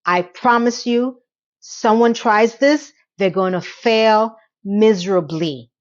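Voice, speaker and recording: A woman giving a casual, opinionated TV recap, chatty and rambling with quick asides, now and then acting out lines from the show. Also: a little high, highs cut off. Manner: acts out characters' lines in quick quotes. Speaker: TV recap reviewer.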